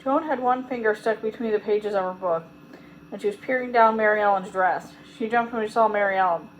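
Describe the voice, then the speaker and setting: A woman reading a children's chapter book aloud in a gentle, steady storytelling manner. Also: medium pitch, a little fast, slight background noise, low-quality recording. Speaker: storybook reader.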